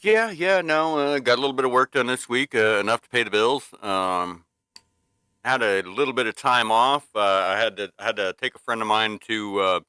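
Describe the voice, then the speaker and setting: A man co-hosting a casual livestream, talking in an easygoing, halting way. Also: mid-range voice, pushed and bright, clear, resonant tone, no echo. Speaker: co-host.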